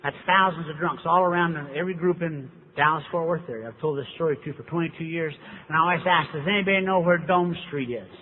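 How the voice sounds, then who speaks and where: A man's voice: on the high side, fast. Wry man telling a story in an echoey hall. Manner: conversational, rhetorical questions, wry. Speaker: recovery meeting speaker. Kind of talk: storytelling talk at a recovery meeting. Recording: tinny, echoey hall recording with faint hiss.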